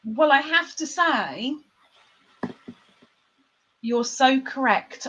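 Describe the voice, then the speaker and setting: A woman's voice: sits high, lively intonation, drawn-out words, long pauses, fairly bright tone. A woman hosting a live stream in casual chat, playful and laughing often. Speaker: livestream host.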